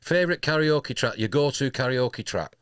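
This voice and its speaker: A man's voice: medium pitch, expressive, moderate pace, a bit bright, clear, resonant tone, no room sound, studio quality. A man hosting a casual interview, chatty and rambling, calling his guest mate. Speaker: radio interviewer.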